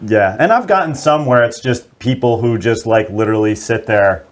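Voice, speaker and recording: Relaxed plumber telling stories. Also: male voice, medium pitch, normal speed, background noise. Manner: relaxed storyteller, acts out quotes. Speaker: plumber guest. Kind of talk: casual podcast chat.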